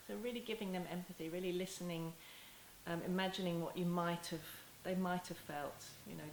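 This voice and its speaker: Gentle woman teaching in an echoey room. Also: lowish voice, steady tone. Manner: gentle, unhurried, with many restarts and soft acted apologies to a child. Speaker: parenting educator. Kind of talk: talking-head teaching video. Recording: echoey room with faint hiss.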